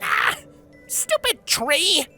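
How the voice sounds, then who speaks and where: A woman's voice: on the high side, huge pitch swings, normal speed, pushed and bright, soft background music, heavily acted. A woman voicing a boastful, showy female unicorn mare in a fanfiction reading, who talks about herself in the third person and exclaims dramatically. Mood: excitable.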